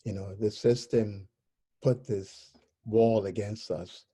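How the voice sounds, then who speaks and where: Interview guest, male, mellow tone, halting and searching for words as he tells his story. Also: fairly low pitch, steady tone, slightly rough.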